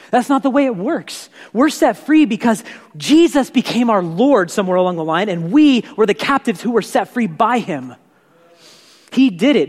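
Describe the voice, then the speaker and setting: A male pastor preaching a sermon in a church, conversational and animated, often repeating words as he builds his point. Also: high-pitched. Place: church sanctuary. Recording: echoey hall reverb.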